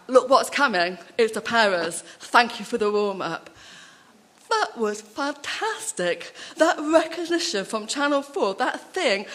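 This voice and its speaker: A woman speaking at a conference, telling personal anecdotes in a chatty, animated way with many asides. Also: on the high side.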